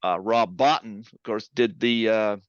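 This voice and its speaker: A man's voice: fairly low pitch, steady tone, measured pace, clear, resonant tone, dry recording, highs cut off. A male podcast host who interviews his guest in a hesitant way, with lots of fillers.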